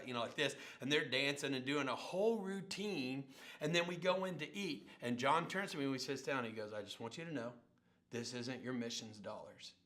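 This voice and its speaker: A middle-aged male pastor telling stories in a sermon, animated and acting out the people he quotes. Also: mid-range voice, a little fast. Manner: animated storyteller, acts out quotes and sounds. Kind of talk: sermon storytelling.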